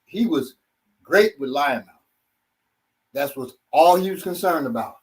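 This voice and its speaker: A man's voice: on the high side, expressive, measured pace, far from the mic. A man teaching self-defense in a casual group talk, demonstrating moves as he speaks. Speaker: martial arts instructor.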